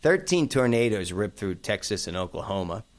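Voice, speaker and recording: A man's voice: on the low side, very animated, moderate pace. A middle-aged man hosting a casual chat, rambling through memories with plenty of fillers and asides. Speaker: host.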